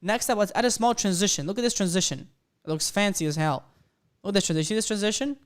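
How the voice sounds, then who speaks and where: A man's voice: high-pitched, quick pace. A man teaching web coding on a live stream, talking through each step and cheering on his viewers. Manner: excitable, hypes the audience. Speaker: coding instructor.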